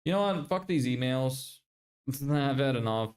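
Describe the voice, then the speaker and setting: A young man talks loosely to his viewers on a livestream. His pitch sits in the middle range for a man. He swears freely and laughs often. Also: lively intonation, unhurried. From Ireland. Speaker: livestreamer and agency owner. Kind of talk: casual livestream chat reading viewer messages.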